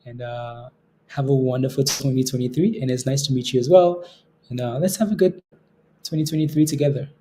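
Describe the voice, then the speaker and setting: A man from Canada hosting a day trading livestream, casually reading out viewer comments, relaxed and given to repeating himself and laughing. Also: medium pitch, fairly quick, a little hiss or hum.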